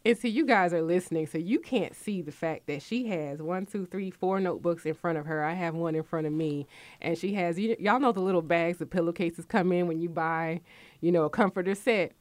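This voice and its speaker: Fairly quick and captured in a dry recording, this radio host is a woman in her forties. She talks chattily and candidly about her life and work, her liveliness breaking into sudden high bursts.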